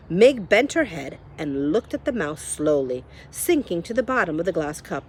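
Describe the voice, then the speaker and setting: A woman reading a children's novel aloud in a lively storytelling manner, speaking to the listener. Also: fairly low pitch, moderate pace, few pauses, slightly rough. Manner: lively storytelling, addresses the reader. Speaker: reader.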